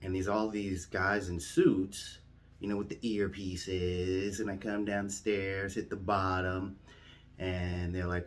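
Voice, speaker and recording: A man's voice: low voice, little pitch movement, slow. A man comedian telling a comic story in a casual, rambling way. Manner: casual, rambling, acts out dialogue.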